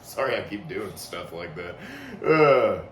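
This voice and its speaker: Lively, jokey man with a bright voice. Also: medium pitch, moderate pace. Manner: jokey, swears, lively interjections. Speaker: podcast co-host. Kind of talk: casual review chat. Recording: echoey room, faint noise.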